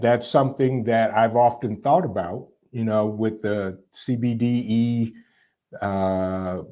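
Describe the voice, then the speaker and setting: A man with a lowish, darkish voice hosts a casual live stream, chatting loosely and replying to viewer comments. His talk rambles in a conversational way, with frequent fillers and repeats.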